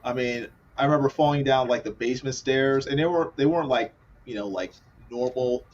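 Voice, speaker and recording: A man's voice: mid-range voice, a little fast, darkish tone. Middle-aged guy chatting easy, chuckling, kinda muffled lo-fi sound. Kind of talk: casual chat.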